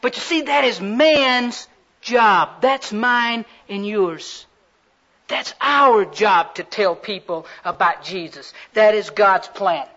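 A male preacher delivering a sermon with fervent, folksy storytelling. His voice is strikingly high for a man. The recording is a little dull and muffled. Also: lively intonation, slow pace, sharp tone.

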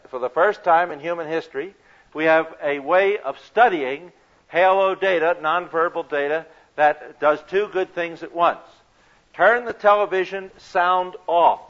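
A man's voice: fairly high pitch, fairly bright tone. A man giving an earnest, emphatic lecture on counseling, with illustrative examples. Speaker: counseling teacher. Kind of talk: recorded lecture. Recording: dull lo-fi lecture recording.

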